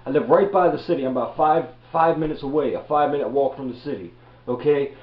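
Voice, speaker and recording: A man's voice: medium pitch, fast. A man in his thirties from Baltimore, giving a blunt, profane motivational rant as a reselling vlogger. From Baltimore, USA. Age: 30s. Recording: echoey room, dull lo-fi audio.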